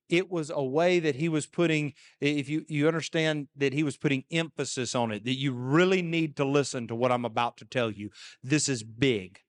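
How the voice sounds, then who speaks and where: A man's voice: mid-range voice, normal speed. A male pastor preaching a sermon in a conversational, emphatic way, often repeating words. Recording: long echo in a church hall.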